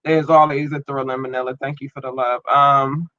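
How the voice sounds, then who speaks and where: A man's voice: mid-range voice, level tone, a little fast, bright, forceful tone, highs cut off. A man hosting his own podcast in loose, rambling slang, filled with ums, talking through an irritated, watering eye. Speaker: podcast host. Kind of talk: casual solo podcast chat.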